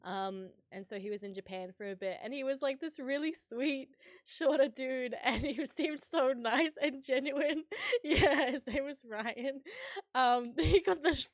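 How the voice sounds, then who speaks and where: A fairly high-voiced woman chatting from her home streaming setup, recounting stories at an easy, rambling pace. She giggles often and fills her pauses with ums. The sound is dry and close, with no room around it. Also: no echo. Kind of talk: casual storytelling to chat.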